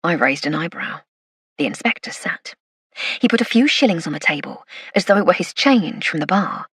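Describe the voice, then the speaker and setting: Husky-voiced woman narrating an audiobook. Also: on the low side, animated, moderate pace, fairly bright tone, no room sound, clean studio sound. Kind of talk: first-person scripted narration.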